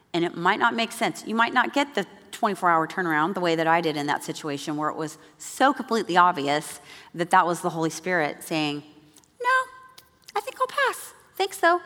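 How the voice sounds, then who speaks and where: Woman telling a story in a reverberant hall. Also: lowish voice. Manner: animated, acts out quoted voices. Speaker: speaker at a church gathering. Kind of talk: storytelling devotional talk.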